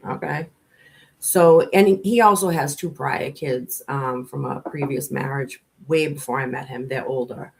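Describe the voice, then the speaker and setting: A woman's voice: extremely low pitch, unhurried, creaky, a little mellow. A middle-aged woman with a Boston accent, hosting a casual livestream and talking bluntly and profanely in a rambling way. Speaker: livestream host.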